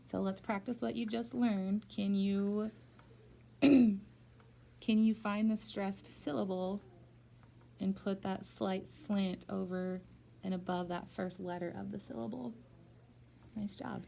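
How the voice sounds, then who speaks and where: Woman tutoring phonics, patient and encouraging, a bit gravelly, faint hiss behind. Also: mid-range voice, fairly even intonation, a little slow, warm tone. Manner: patient, encouraging, step-by-step prompting. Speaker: reading teacher.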